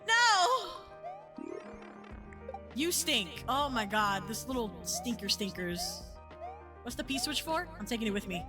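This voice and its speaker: A woman streaming a game, excitable and swearing, with loud outbursts and giggles, saying she is high. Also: measured pace, pauses often, over music. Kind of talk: casual gameplay streaming.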